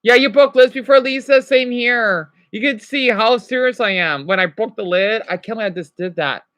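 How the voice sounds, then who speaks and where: A man's voice: extremely high pitch, fairly bright tone, no room sound. A young man ranting on a live stream. He rambles, swears often and keeps apologizing. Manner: rambling, profane, quick to apologize.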